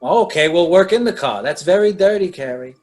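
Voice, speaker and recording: Lively, high-voiced male podcast host. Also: a little fast. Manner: joking, egging the guest on. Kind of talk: casual interview chat.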